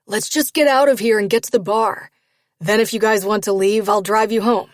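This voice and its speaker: A woman's voice: mid-range voice, fairly even intonation, normal speed, no echo, studio quality, close to an everyday voice. A woman voicing a brash, hot-tempered young man who snarls orders at his friends. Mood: aggressive. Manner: snarling, ordering people around.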